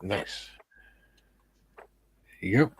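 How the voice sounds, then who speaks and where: A man hosting a casual livestream chat who reads viewer comments aloud in a relaxed way. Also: extremely slow. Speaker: stream host.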